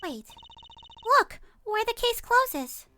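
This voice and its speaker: A woman's voice: very high voice, very animated, slow, pushed and bright, faint music behind, full character voice. A woman voicing a cheerful, blunt teenage girl magician in a fan game dub. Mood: curious. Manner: bubbly, blunt, playful.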